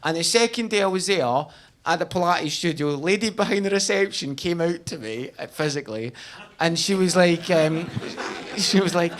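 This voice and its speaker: Animated Scottish comedian man. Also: on the high side, moderate pace. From Scotland. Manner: self-deprecating, animated storytelling. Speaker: stand-up comedian. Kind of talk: stand-up comedy.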